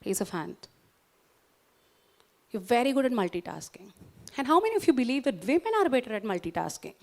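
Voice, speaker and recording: A woman with an Indian English accent giving a motivational lecture to a professional audience, coaxing and interactive, often checking in with her listeners and guiding them through a calming exercise. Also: a little high, brisk, vocal fry. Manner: warm, coaxing, interactive, asks the audience questions. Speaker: guest speaker at a doctors' society.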